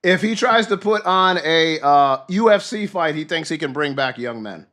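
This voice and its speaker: Guy ranting on his live stream, swearing a lot, kinda high voice, shouts out chat. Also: animated, normal speed. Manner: profane, ranting, heated; reads chat names and thanks viewers. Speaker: livestream host. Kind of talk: ranting political livestream chat.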